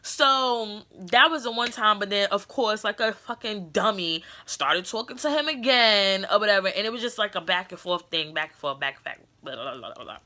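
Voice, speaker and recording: A woman's voice: medium pitch, animated, fairly quick, hardly any pauses, sharp tone. A young adult woman, telling a story in a casual vlog, blunt and profane, acting out what people said. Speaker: beauty vlogger.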